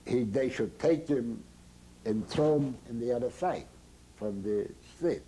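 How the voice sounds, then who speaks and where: An older man giving oral history testimony in halting, broken English that slips into German phrases. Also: medium pitch, warm tone, a little hiss or hum, low-quality recording. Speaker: Holocaust survivor giving testimony.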